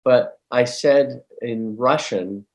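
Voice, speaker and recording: A middle-aged man, a guest medium, telling a story in an animated, conversational way. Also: medium pitch, slow pace, a crowd in the background.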